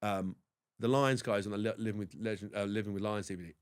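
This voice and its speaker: A man in his forties, a former rugby player from England, telling rambling, animated stories as a podcast guest. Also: on the low side, fast, smooth. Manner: rambling, animated anecdotes with frequent restarts. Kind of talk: casual interview storytelling.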